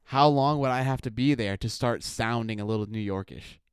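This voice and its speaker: Smooth-voiced Midwestern man, podcast chat. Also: mid-range voice, a little fast, dry recording. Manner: rambling, heavy use of "like". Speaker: podcast co-host.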